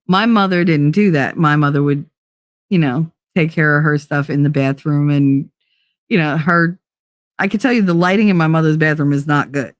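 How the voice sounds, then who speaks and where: A woman's voice: low-pitched, normal speed, no echo, studio quality. Blunt, salty-tongued woman host. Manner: blunt, profane, laughs often. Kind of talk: casual storytelling chat.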